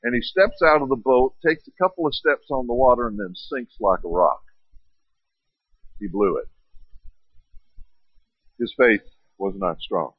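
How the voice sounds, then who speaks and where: A man's voice: medium pitch, unhurried, long pauses, husky, no room sound. A man preaching a sermon, retelling stories with rhetorical questions and acted-out quotes. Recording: dry, dull lo-fi sound.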